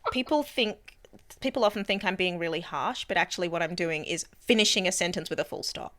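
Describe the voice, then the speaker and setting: A woman's voice: lowish voice, brisk, fairly bright tone. A woman in casual chat with other players, rambling and making fun of herself. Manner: chatty, self-mocking, rambling.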